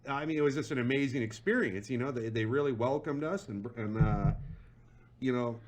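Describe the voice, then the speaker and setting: A young adult man hosting a podcast, chatting in an animated, laughing, self-deprecating way. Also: medium pitch, fairly quick, a little hiss or hum. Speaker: podcast host. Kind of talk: casual chat.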